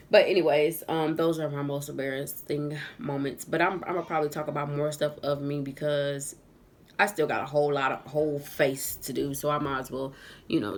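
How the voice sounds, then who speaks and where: Low-voiced woman telling a story. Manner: animated, laughs often, says "y'all" a lot. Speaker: vlogger. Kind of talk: casual storytime chat. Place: at home doing her makeup. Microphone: camera on a tripod.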